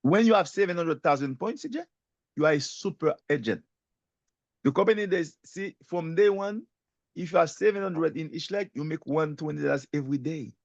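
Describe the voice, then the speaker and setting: A man speaking as an emphatic, animated guest speaker, his fairly high voice carrying a gravelly rasp. The sound is dry and close, though the audio comes across dull and lo-fi. He delivers a motivational sales talk with lively storytelling. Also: brisk, dry recording. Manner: emphatic, animated storytelling, keeps addressing the host by name.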